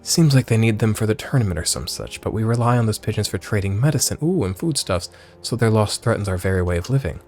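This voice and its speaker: A man voicing a young male bird keeper in a gruff old pirate-like voice, worried and pleading as he reads game dialogue aloud. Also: lowish voice, animated, quick pace, few pauses, a little mellow, soft background music.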